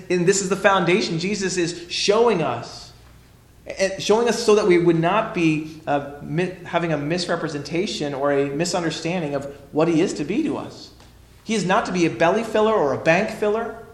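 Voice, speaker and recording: Emphatic male preacher in an echoey room. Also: on the high side. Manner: emphatic preaching, swinging between loud and hushed. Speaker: pastor. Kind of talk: sermon.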